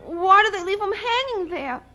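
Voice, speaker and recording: A woman's voice: very high voice, lively intonation, moderate pace, pushed and bright, heavily acted. A woman voicing a curious, fearful young boy who stammers and asks pleading questions in a radio drama. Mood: anxious.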